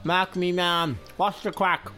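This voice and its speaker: An actor playing a dim-witted, food-obsessed club crony who talks in a goofy, blunt way. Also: male voice, high-pitched, fairly even intonation, takes it slowly, pushed and bright, faint music behind, exaggerated voice. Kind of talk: comedic audio drama acting.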